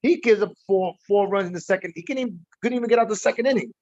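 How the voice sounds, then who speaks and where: A man's voice: high voice, fast talker, a little mellow, dry recording. A man chatting casually and loosely on a livestream about his team's playoff game, a bit tipsy from drinking and rambling between laughs. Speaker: baseball fan on a livestream. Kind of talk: casual livestream reaction chat. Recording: dull dry lo-fi sound.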